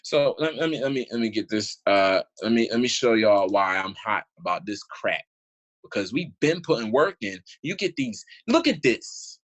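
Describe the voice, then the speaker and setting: A man's voice: lowish voice, lively intonation, moderate pace, fairly bright tone, rough recording. A man doing casual, indignant commentary as he reads old documents aloud, rambling and restarting, with informal speech full of "y'all". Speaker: online commentator.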